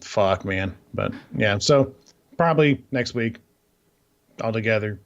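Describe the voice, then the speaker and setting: A man co-hosting a gaming podcast in casual chat, rambling and hesitant, with deadpan sarcasm. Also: fairly low pitch, measured pace, gravelly. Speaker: podcast co-host. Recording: slightly muffled lo-fi mic.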